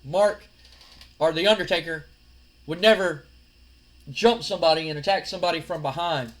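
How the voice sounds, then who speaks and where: A man's voice: fairly high pitch, normal speed, a bit bright, lightly acted. A man voicing a blunt, macho male wrestler. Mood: gruff. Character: gruff tough male wrestler.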